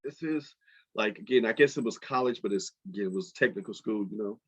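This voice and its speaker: A man's voice: lowish voice, brisk, breathy edge. Chatty middle-aged man telling a story. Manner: animated, chatty storyteller with frequent fillers. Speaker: podcast host. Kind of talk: casual storytelling monologue. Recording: dull lo-fi podcast audio.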